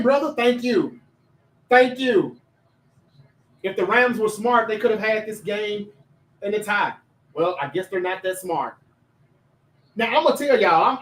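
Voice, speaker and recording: A man hosting a casual sports talk livestream, chatty and animated, reading viewer comments aloud and talking straight to his chat. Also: high-pitched, echoey room, recorded from a distance, poor audio.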